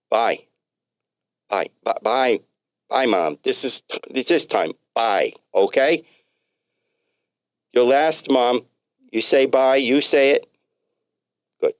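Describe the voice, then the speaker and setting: A man's voice: medium pitch, lively intonation, slow, pauses often, no echo, clean studio sound, voice pushed up. A man voicing a fussy, talkative male doctor with a heavy New York accent, stammering and restarting as he chatters. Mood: fussing. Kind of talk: comic storybook reading.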